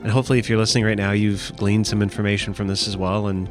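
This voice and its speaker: A man's voice: fairly low pitch, flat delivery, racing. A man hosting a podcast, wrapping up with brief thanks to his guests. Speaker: podcast host. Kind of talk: podcast outro. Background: music.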